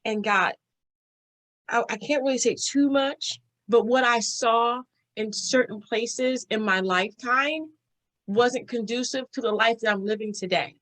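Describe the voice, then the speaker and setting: A woman hosting a podcast interview, talking in an animated, chatty way with quick bursts and frequent laughs. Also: a little high. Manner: animated, talks fast, laughs often. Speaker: podcast host. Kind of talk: casual interview chat.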